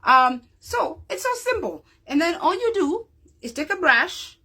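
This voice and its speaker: Measured in pace, a woman's extremely high, sing-song voice sounds pushed and bright as she shows her viewers a craft. She keeps it casual and unscripted, with fillers, and frequently stops to check in with them.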